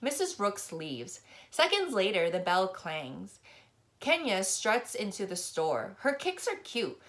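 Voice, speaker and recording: A woman's voice: mid-range voice, sing-song, slow. A woman reading a novel aloud, narrating expressively in the first person. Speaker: reader.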